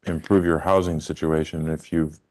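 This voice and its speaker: A man chairing a public hearing, asking questions in a measured, deliberate way and repeating points for emphasis. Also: rumbling low, flat delivery, a little mellow. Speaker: committee chair.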